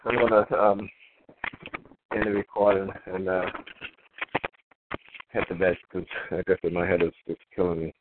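Deep-voiced man on a phone line. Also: flat delivery, unhurried, long pauses, heavy background noise. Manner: brief quiet agreeing replies. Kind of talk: casual phone chat.

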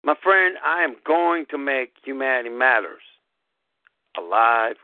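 A man hosting a live podcast, giving an emphatic, preachy motivational talk that repeats phrases and swings sharply up and down in pitch. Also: animated, measured pace, no room sound. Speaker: host of a gaming club podcast. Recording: dry, tinny phone-like audio.

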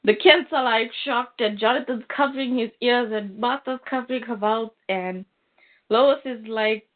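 A woman's voice: on the high side, normal speed. A woman co-hosting a casual chat show, recapping a comic book with amusement and plenty of fillers. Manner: chatty and amused, with frequent fillers. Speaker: podcast co-host. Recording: phone-like narrow sound.

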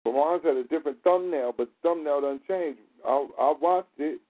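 A man's voice: a little high, moderate pace. A man in casual storytelling chat, with a loose, profane, laughing manner. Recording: tinny phone-like audio.

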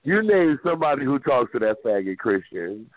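A man's voice: medium pitch, big pitch swings, dry recording. Brash trash-talking man on phone line. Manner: brash, insulting, drawn-out sassy delivery. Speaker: chat line caller.

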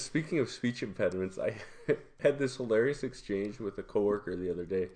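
Man, casual co-host, lowish voice, chatty, restarts often, laughs between phrases. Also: expressive, a little fast, a little mellow. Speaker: podcast co-host. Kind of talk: casual chat.

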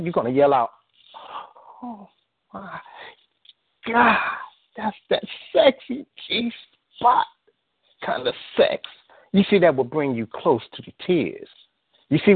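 A slightly hoarse man performing spoken-word poetry in a rhythmic delivery that keeps rising into high bursts. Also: no echo. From US West Coast. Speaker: poet. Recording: tinny phone-like line, dry.

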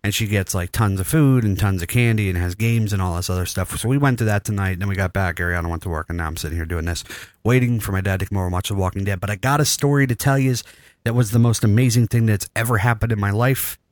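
A man's voice: on the low side, fast talker, no room sound, studio quality. A man in his thirties hosting a podcast, telling a long story with crude jokes in casual chat. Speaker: podcast host.

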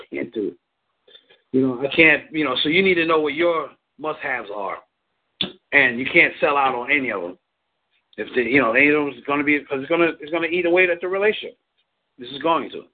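A man's voice: fairly high pitch, quick pace. A man giving casual relationship advice, rambling, repeating words and laughing often. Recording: tinny phone line.

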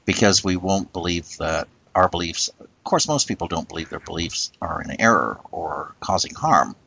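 A man's voice: sits low, expressive, moderate pace, creaky, bright, forceful tone, muffled recording, slight background noise. A man in casual discussion who makes earnest, emphatic points. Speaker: co-host.

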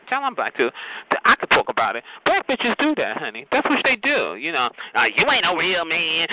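A man calling in to a phone chat line, ranting in a sassy, profane way, peppering his talk with "honey" and "child". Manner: animated with big pitch jumps and laughs. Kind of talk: casual rant. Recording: tinny noisy phone line.

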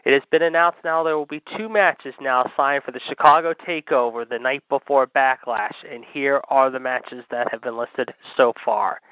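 Man, wrestling news reporter, fast hype delivery, filler-heavy, tinny dry phone line. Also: mid-range voice, dry recording. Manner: repeats "however" constantly, hyped announcer delivery.

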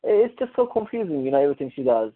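A man speaks on a coaching call over a narrow, phone-like line. His voice sits a little high for a man. He talks haltingly, restarts often and searches for the right words. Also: sing-song. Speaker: coaching client. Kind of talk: casual conversation on a coaching call. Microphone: call audio.

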